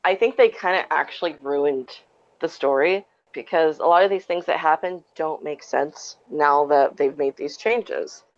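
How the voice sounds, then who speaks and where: A woman's voice: fairly low pitch, no room sound, lo-fi sound. A woman chatting on a podcast, candid and wry, laughing at herself. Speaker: podcast co-host. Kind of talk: casual podcast chat.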